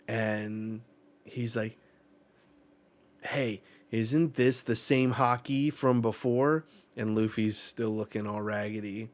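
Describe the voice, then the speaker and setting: A man hosting a live manga reaction, reading the panels aloud and reacting with excited swearing. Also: fairly low pitch.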